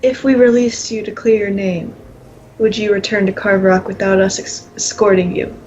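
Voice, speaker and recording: A woman playing a tabletop game, asking careful, deliberate questions. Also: medium pitch, fairly even intonation, darkish tone, highs cut off, a little hiss or hum. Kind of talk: casual play over a call.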